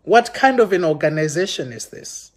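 A man with a notably high voice delivers a heated livestream rant. He sounds accusing and impassioned, and he trips over his words and restarts often as he addresses his viewers. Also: lively intonation, moderate pace, breathy edge. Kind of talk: live-streamed rant to viewers. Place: London.

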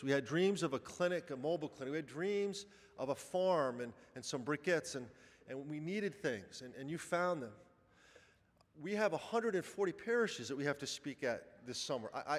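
A man speaks to a church congregation in an earnest, emphatic way that still feels like conversation, his voice sitting a little high. His words ring out through a large church with a long echo. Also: expressive, normal speed. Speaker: charity director speaking at Mass. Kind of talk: heartfelt appeal from the pulpit. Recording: echoey church hall.

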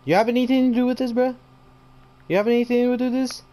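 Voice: medium pitch, fairly even intonation, fast talker, warm tone. A gamer giving commentary on a horror game, jumpy and slangy, talking to the monsters and breaking into panicked repeated screams.

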